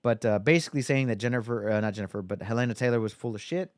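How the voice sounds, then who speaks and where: A man in casual podcast chat, his voice smooth and clear. He rambles with lots of fillers. The sound is dry and close to the mic. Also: medium pitch, racing, no echo. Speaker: podcast co-host.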